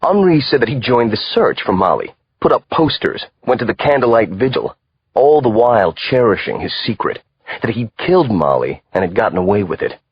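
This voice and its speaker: A man reading a thriller audiobook aloud in a measured, expressive way. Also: mid-range voice, breathy edge, no room sound, muffled recording. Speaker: audiobook narrator. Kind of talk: scripted narration.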